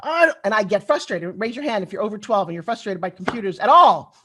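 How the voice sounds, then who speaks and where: There's slight background noise as a middle-aged woman with a medium-pitched voice speaks at a quick pace. She tells stories in a chatty conference keynote, animated and addressing listeners directly.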